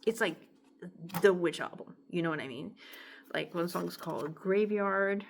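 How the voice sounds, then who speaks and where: A woman's voice: on the low side, unhurried, creaky, slight background noise. A woman talking casually to camera about her songwriting and reading her own lyrics aloud, rambling and chatty, with an itchy throat. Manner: rambling and chatty, heavy use of "like", softening into murmurs when emotional. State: throat itching.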